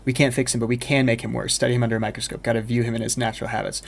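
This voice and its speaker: Young man, game streamer, casual commentary, jokey, swears, mid pitch. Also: rapid-fire, gravelly. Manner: chatty, joking, swears a lot. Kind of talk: casual let's-play commentary.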